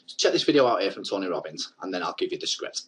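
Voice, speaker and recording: A man's voice: deep voice, sing-song, very fast, a bit bright, slightly rough, rough recording. A man coaching on network marketing in a casual talking-head video, chatty and earnest. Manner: chatty, earnest, rambling advice.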